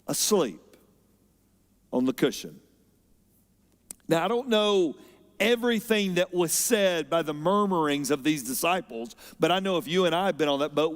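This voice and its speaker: A man preaching a sermon as pastor, expressive, moving between loud emphasis and quiet, unhurried stretches. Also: high voice. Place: church auditorium. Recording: long hall reverb.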